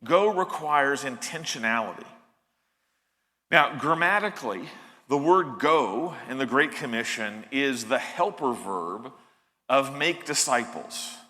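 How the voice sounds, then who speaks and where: In a church sanctuary with big-room sound, a pastor preaches a sermon in a mid-range, animated, bright and pushed voice at a slow pace. He is earnest and emphatic and often restarts his phrases.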